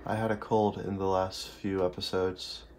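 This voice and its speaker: A young man playing a game at home at night, talking quietly and casually so he won't wake his family. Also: low-pitched, level tone, normal speed, slight background noise. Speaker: let's play host. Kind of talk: casual gameplay commentary.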